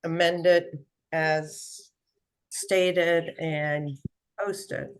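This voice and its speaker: A woman on a video call in a remote public meeting, a commission member speaking plainly and deliberately. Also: sits low, fairly even intonation, clear, resonant tone.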